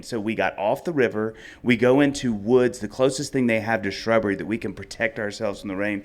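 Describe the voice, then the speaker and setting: A man's voice: lowish voice, lively intonation, brisk, few pauses. A man, co-hosting a live podcast and telling a rambling, self-mocking comic story. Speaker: podcast co-host. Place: outdoor festival stage.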